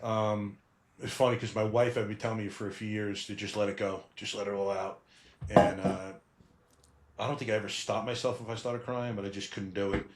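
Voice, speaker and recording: A man hosting a podcast speaks in a low voice. He tells his own story candidly and casually, dropping in slang like "bro". His voice rings a little in an echoey room. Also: level tone, fairly quick, heavy background noise. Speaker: podcast host.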